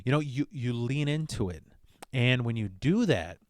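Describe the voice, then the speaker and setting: A man hosts a podcast in a blunt, profane comic monologue. His voice sits at an average pitch. It is recorded dry and close, with no room sound. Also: lively intonation, moderate pace, no echo. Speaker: podcast host. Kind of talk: casual comedic monologue.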